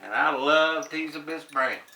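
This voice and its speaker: A man voicing a mischievous young boy troublemaker, excited and loud. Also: fairly high pitch, measured pace, vocal fry, reverberant, distant mic, full character voice, rough recording. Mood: scheming, excited.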